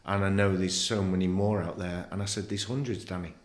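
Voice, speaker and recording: A man in his fifties speaks as a podcast guest, blunt and animated, with frequent swearing. His voice sits on the low side. The room around him rings with a noticeable echo. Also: fairly quick. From England. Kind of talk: candid interview conversation.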